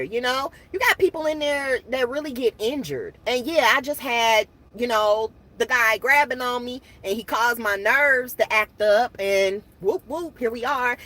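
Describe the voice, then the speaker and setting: Casual vlog host, woman, animated and chatty, voice a touch high. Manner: animated, laughs often, addresses viewers as y'all. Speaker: channel host. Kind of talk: casual chat to viewers.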